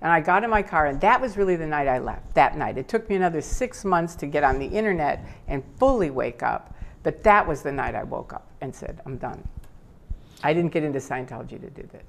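A woman's voice: sits low, fairly quick, creaky, slight background noise. An older woman as an interview guest, telling her personal story with feeling, sometimes tearful and acting out what others said. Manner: animated, tearful at times, acts out quotes.

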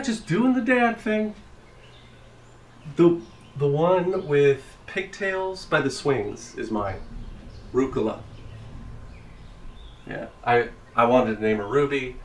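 Actor as an awkward, stammering park dad, recorded from a distance in a roomy space with faint noise. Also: male voice, medium pitch, slow, long pauses, natural voice. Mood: overeager chatty. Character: socially anxious park dad posing as a celebrity. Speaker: father at a playground. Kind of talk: comic monologue.

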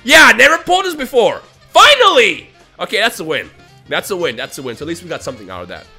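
A man commentating his own mobile game pulls for a video, swinging between low grumbling and shouted, exasperated outbursts. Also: wildly swooping pitch, fast talker, husky, faint music behind. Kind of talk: gaming vlog commentary.

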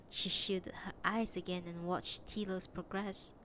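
A woman reading a novel aloud on a livestream, narrating calmly and steadily, at times dropping to a whisper. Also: fairly low pitch, unhurried, hardly any pauses, a little hiss or hum, rough recording. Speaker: reader.

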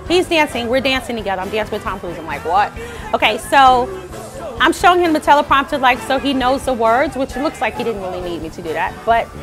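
A woman vocal coach talking chattily in a casual vlog, animated and often laughing. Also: high-pitched.

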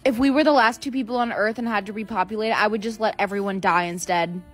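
A woman's voice: medium pitch, fast, soft background music, lightly acted. A woman acting several teen girls and a mom in comedic POV skits, with a snappy, mocking delivery. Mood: mean.

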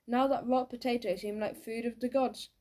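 A woman reads a children's audiobook with lively, playful storytelling. Her voice sits a little high. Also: moderate pace. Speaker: audiobook narrator.

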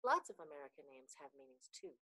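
Caring teacher, calm, concerned, read by a woman. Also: deep voice, fairly quick, no echo, pitched below the performer's own voice, full character voice. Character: caring male schoolteacher.

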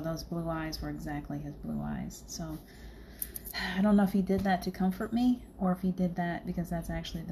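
A woman's voice: deep voice, vocal fry, dark tone, a little hiss or hum. A middle-aged woman hosting a livestream, telling a spiritual story in a chatty way and laughing often. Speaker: livestream host. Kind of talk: casual spiritual chat.

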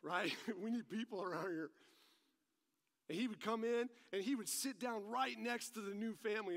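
A man's voice: sits high, moderate pace, creaky, a bit bright. A male pastor delivering a sermon that mixes teaching with personal stories, talking animatedly and pressing his points with rising emphasis. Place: church service. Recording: long reverb of a large hall.

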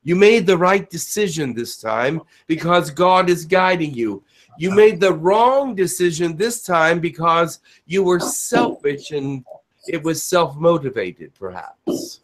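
A man speaking as the spirit Elijah in a channeled spiritual message, in a slow preaching cadence with dramatic pauses. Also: on the high side, lively intonation. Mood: earnest. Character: Elijah, a male spirit giving a solemn message.

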